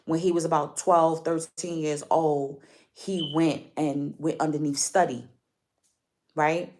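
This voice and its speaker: A woman's voice: deep voice, fairly even intonation, takes it slowly, darkish tone. A woman giving a casual spiritual card reading to her viewers. She speaks emphatically, repeats her points and often asks if they follow her.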